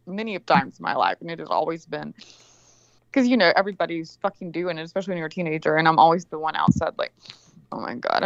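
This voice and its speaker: A woman's voice: lowish voice, creaky, no room sound, lo-fi sound. A woman in casual chat on a video call, swearing constantly as she rambles through a story.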